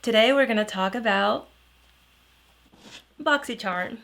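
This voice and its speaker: A woman's voice: a little high, a little slow, gravelly, a bit bright. A woman beauty vlogger chatting casually through a product review, rambling with restarts and lots of "you know".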